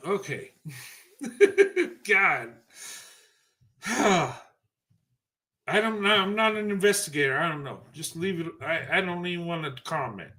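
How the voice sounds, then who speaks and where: A man's voice: sits high, animated, takes it slowly, pauses often, sharp tone. A man ranting on a livestream, emphatic and profane, speaking in heated bursts. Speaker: livestream commentator. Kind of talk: ranting opinion monologue.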